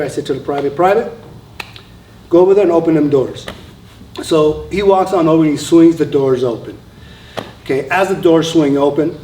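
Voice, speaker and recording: A man's voice: on the high side, mellow, slight background noise. A man, an Army veteran, telling a story live on stage in a conversational way, with frequent fillers and restarts. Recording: roomy sound from a distant mic.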